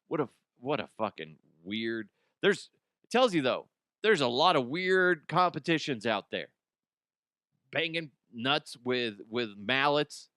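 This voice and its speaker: A man's voice: mid-range voice, pushed and bright, no room sound, clean studio sound. A man hosting a comedic news show, rambling bluntly through headlines, swearing and laughing at his own jokes. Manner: casual, blunt, frequent restarts. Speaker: host.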